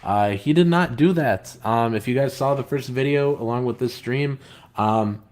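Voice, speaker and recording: A comic book writer hosting a casual live stream reads viewer comments aloud, rambling hesitantly with lots of filler words in an aggrieved, complaining tone. His voice is mid-range and darkish, at a normal speed.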